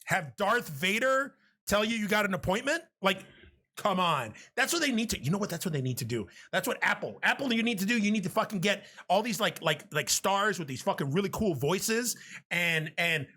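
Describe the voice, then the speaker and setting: A man's voice: high voice, animated, moderate pace, sharp tone. A man co-hosting a podcast, chatting casually in a rambling, joking way with plenty of profanity. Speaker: podcast co-host. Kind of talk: casual chat. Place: home podcast setup.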